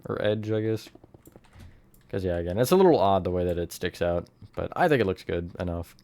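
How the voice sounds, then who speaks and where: A man's voice: low voice, lively intonation, brisk, dark tone. A young man narrating a casual building tutorial, rambling and hedging, often correcting himself. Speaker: Minecraft tutorial host.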